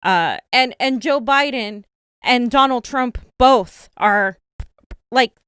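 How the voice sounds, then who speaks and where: Smooth-voiced woman co-host, blunt. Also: fairly high pitch, takes it slowly, a bit bright, no echo. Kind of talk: casual political commentary chat.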